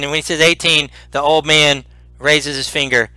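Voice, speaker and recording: Bright-voiced man running a tabletop game. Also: fairly high pitch, moderate pace, clean tone, no echo, poor audio. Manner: animated, repeats words and restarts. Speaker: game master.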